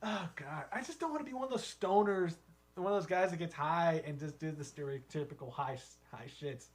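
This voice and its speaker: A man's voice: a little high, animated, fairly quick. Rambling male podcast co-host. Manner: rambling, lots of "like", laughs often. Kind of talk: casual comedic chat.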